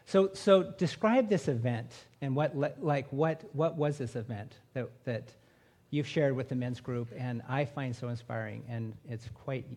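A man hosts a live interview, earnest and encouraging, his phrasing halting as he works toward each question. His voice has a gravelly, husky grain at a middle pitch. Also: a little mellow. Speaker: men's group member hosting the interview.

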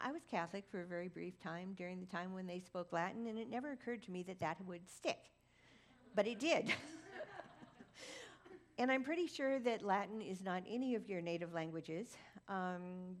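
A woman preaching a sermon, telling a personal story with dry, humorous asides. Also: lowish voice. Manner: recites Latin prayer.

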